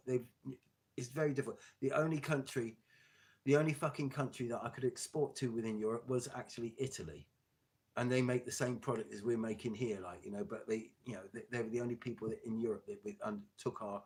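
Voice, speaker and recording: A man's voice: mid-range voice, a little mellow. Angry, sweary man ranting. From England. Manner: angry, sweary, halting restarts. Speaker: glass maker vlogging. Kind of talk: angry political rant to viewers.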